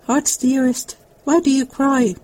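Woman reading as a gentle older professor. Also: high voice, fairly even intonation, unhurried, poor audio. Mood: tender. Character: gentle older male professor, tender suitor. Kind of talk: dramatic reading.

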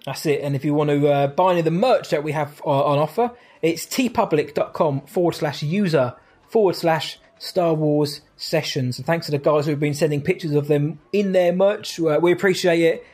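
This podcast co-host has a somewhat high, slightly mellow voice and reads listener questions aloud in a relaxed chat. He keeps a brisk, cheerful pace and breaks into laughter easily.

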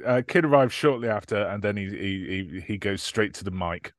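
A man's voice: on the low side, moderate pace, no echo, clean studio sound. A man hosting a podcast, recapping a movie in casual chat, laughing often and hedging with fillers. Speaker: podcast host.

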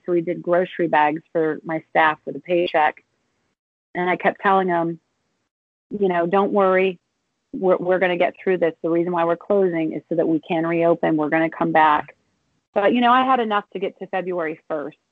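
A woman's voice: on the low side, no room sound. Tearful woman on a tinny phone line. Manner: tearful, halting, many restarts. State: close to tears. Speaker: restaurant and bar owner. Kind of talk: emotional interview over the phone.

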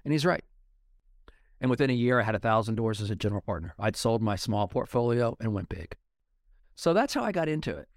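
A man's voice: fairly low pitch, big pitch swings, brisk, dry recording. A middle-aged man telling his story in a casual podcast interview, blunt and emphatic. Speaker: guest. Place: Denver.

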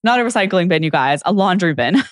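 A woman's voice: fairly low pitch, lively intonation, fairly quick, no room sound, clean studio sound. A young adult woman hosting her podcast as a fitness coach, talking casually with lots of "like" and acting out what people said. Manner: chatty, frequent "like", acts out quoted people. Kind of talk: casual solo podcast monologue.

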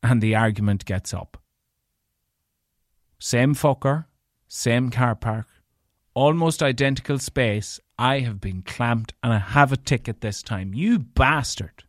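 A man's voice: medium pitch, takes it slowly, dry recording, clean studio sound. A man with an Irish accent hosting a podcast, telling an angry, profane story on his own. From Ireland. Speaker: podcast host. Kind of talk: solo storytelling rant.

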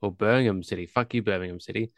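A fairly low-voiced man from England, chatting casually as a podcast co-host. He talks bluntly and swears freely, joking as he runs down teams and towns. His voice is close and dry, with little room sound. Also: fast, no room sound. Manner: blunt, sweary, jokey trash talk. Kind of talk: casual chat.

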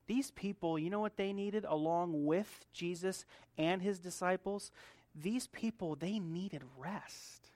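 A man pastor preaching a sermon in a conversational way, swinging between soft asides and loud, emphatic build-ups. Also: high voice, slow, no echo.

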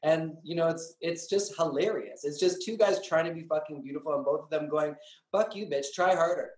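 A man's voice: on the high side, brisk, darkish tone. A man, a drag queen guest, talking candidly and dramatically in an interview, full of swearing and acted-out quotes. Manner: profane, dramatic, acts out his own lines. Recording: roomy echo.

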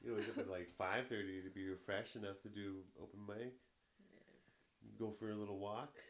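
A man co-hosting a casual podcast, joking in a teasing, deadpan way. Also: fairly low pitch, a little fast. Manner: teasing, deadpan jokes, puts on voices. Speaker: podcast co-host.

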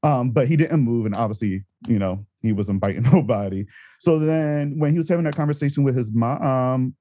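A man's voice: mid-range voice, moderate pace, dark tone. A man co-hosting a horror podcast, talking in an easygoing way with restarts and chuckles. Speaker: podcast co-host. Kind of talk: casual film discussion.

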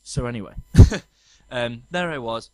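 A man in his thirties co-hosting a podcast, telling a story in animated, casual chat and laughing often. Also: mid-range voice, unhurried, dry recording. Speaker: podcast co-host.

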